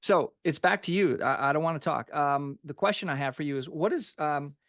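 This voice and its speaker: A man's voice: a little high, fairly quick, a bit bright, no room sound. Casual male host, dry close sound. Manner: casual, affirming backchannels. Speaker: podcast host. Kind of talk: conversational interview.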